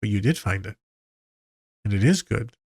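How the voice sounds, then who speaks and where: Gravelly, profane man musing on a podcast. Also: lowish voice, expressive, normal speed, a little mellow, no echo, clean studio sound. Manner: candid, profane, joking. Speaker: therapist and podcast host. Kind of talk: casual podcast monologue.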